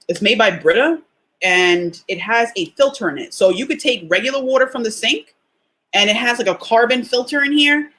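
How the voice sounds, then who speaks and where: A woman's voice: fairly high pitch, a bit bright. Woman, young adult, podcast host, casual motivational talk, emphatic, rhetorical questions.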